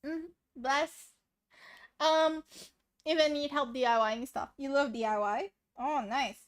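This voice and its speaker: Speaking unhurriedly in a high, steady voice, the livestream host keeps chatting with viewers through her noise-suppressed desk mic. She still giggles, rambles and pokes fun at herself, sniffly after sneezing.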